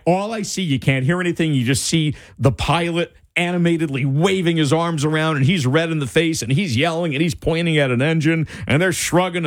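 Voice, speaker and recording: A man telling a personal story in a casual, animated way, full of "like" and restarts. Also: on the high side, dry recording, studio quality. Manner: animated, wide-ranging delivery, lots of "like" and restarts.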